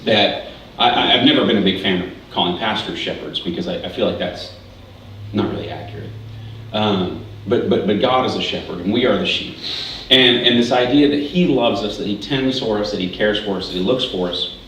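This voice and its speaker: Heard from afar in a heavily reverberant church hall, a pastor delivers an informal, conversational sermon in a medium-pitched, slightly bright voice. Frequent restarts and "right?" check-ins mark his delivery, and there's a faint background hiss.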